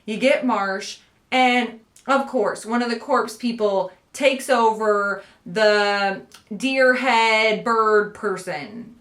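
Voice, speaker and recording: A woman's voice: fairly high pitch, slow pace, a bit bright, echoey room. A woman talking casually and animatedly as a book vlogger, laughing often as she reviews a horror novel.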